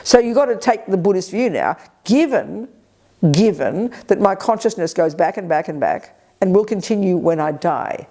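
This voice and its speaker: A woman giving a spirited, blunt Buddhist teaching at a retreat, with quick asides and colloquial swearing. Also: mid-range voice, expressive, mellow. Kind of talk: dharma teaching to a live group. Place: retreat center hall.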